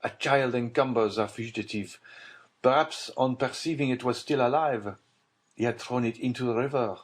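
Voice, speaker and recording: A man lightly acts the part of a desperate middle-aged nobleman for an audiobook, speaking at medium pitch and normal speed, higher than his own voice. The mood is grave, with tense urgency in every line.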